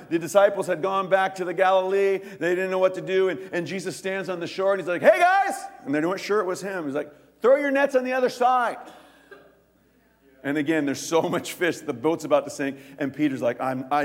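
Animated male pastor in a reverberant hall. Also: high-pitched. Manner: animated storytelling, acts out voices, laughs. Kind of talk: sermon.

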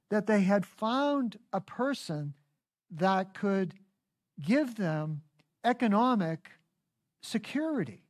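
Woman preacher, mid pitch, dry close sound, folksy emphatic delivery. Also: a little mellow, dry recording. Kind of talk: sermon.

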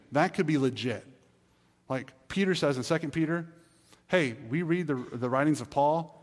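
A man's voice: fairly high pitch, a little fast. A man pastor, preaching a sermon in an earnest, pleading, conversational way with acted asides. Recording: reverberant hall.

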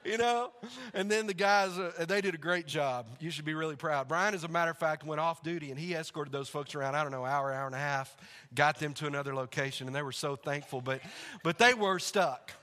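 A male pastor delivers a sermon in a chatty, storytelling way, with a high-set and bright voice. His words ring out with long reverb across a church sanctuary. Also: brisk. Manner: conversational storytelling, laughs along.

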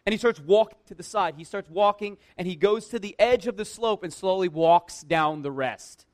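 A man who works at a church tells a personal anecdote in a lively, conversational way, full of "like" and self-mocking humor. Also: high-pitched, normal speed. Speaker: church worker telling a personal story. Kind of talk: casual personal storytelling.

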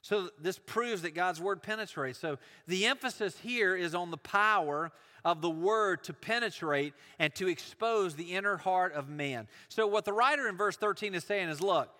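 A man's voice: high voice, moderate pace, sharp tone, big-room sound. A man preaching a sermon, earnest and building emphasis through repetition.

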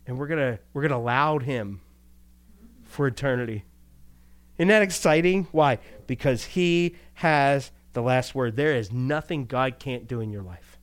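A man preaching a sermon in a relaxed, conversational way. He keeps it lively with rhetorical questions and short chuckles, and his voice sits at an ordinary middle pitch. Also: a little slow. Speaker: pastor.

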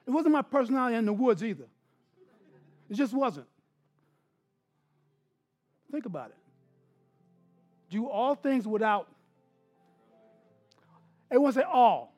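A man preaching a sermon as pastor, dropping to hushed asides and then building to loud, emphatic bursts. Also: very high-pitched, big pitch swings, unhurried, long pauses, soft background music.

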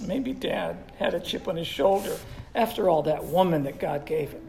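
A woman leads a Bible class with a gravelly, low voice. She teases her listeners and calls on them by name with questions. Her delivery is relaxed and conversational rather than preachy. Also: unhurried, faint music behind, low-quality recording. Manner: joking, quizzes listeners by name. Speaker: Bible study teacher. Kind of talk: interactive Bible teaching.

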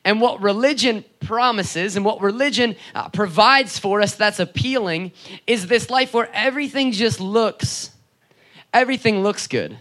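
Brief: young male pastor, high bright voice, chatty storytelling sermon delivery. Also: expressive, a little slow. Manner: conversational preaching with storytelling asides and rhetorical "right?".

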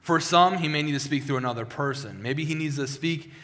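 A man's voice: on the high side, fairly quick, a bit bright. Man preaching in a reverberant church. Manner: conversational, many restarts and repeated words. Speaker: pastor. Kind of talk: sermon with personal testimony. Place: church sanctuary. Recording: long hall reverb.

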